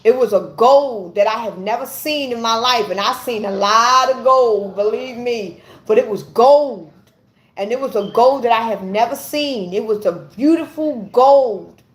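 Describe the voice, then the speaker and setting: A woman giving an earnest personal testimony to camera, halting and often repeating her words as she searches for them. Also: a little high. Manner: earnest and intense. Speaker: vlogger.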